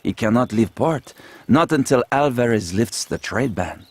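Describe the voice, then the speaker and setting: An actor playing a proud, flattering gunsmith with a French accent, in a video game. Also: male voice, medium pitch, normal speed, slightly rough. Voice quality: fawning, theatrical salesman manner.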